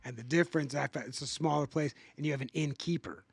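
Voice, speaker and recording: Podcast host, man, gravelly and bright, close dry mic, animated and rambling. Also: on the high side, fast talker, dry recording. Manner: loose and animated, trails off into mumbles. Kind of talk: casual chat.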